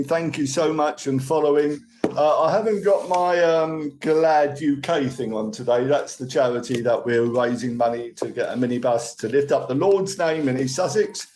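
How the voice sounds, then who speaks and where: Older Cockney man, chatty live-stream host, a touch high-pitched, rambling. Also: a little mellow, a little hiss or hum, rough recording. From London. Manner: chatty, rambling, thanks viewers for gifts. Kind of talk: casual live-stream chat with viewers.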